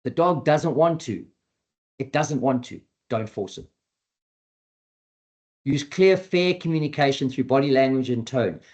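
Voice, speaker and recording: An earnest dog behavior trainer presents an educational webinar in a mid-range voice, unhurried and pausing often. He repeats his main points and performs quoted dialogue in a lively way.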